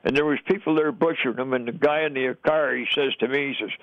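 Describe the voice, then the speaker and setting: A man's voice: mid-range voice, quick pace, hardly any pauses, no room sound, narrow, tinny audio. An older man from the United States, a veteran telling his own stories in an interview with plain, folksy talk and chuckles. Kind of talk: oral history storytelling.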